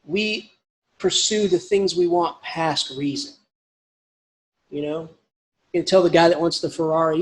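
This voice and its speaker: A man's voice: fairly high pitch, animated, moderate pace, pauses often. A man giving a casual, rambling literature lecture with emphatic asides.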